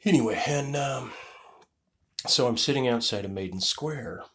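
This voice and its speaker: A man's voice: medium pitch, normal speed, fairly bright tone, breathy edge. A man telling a rambling travel story as a vlogger, digressive and profane, often losing his train of thought. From United States.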